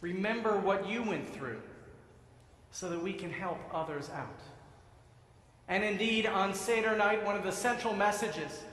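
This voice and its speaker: A man giving a sermon as rabbi in a synagogue sanctuary, telling stories in a measured way and acting out the voices. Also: sits high, a bit bright. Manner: storytelling, acts out voices, measured. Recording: echoey sanctuary with long reverb.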